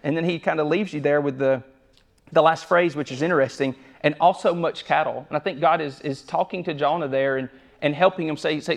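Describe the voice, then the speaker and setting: A man's voice: fairly high pitch, a little fast, vocal fry. A young man preaching a sermon in a conversational way, often restarting and repeating words as he goes.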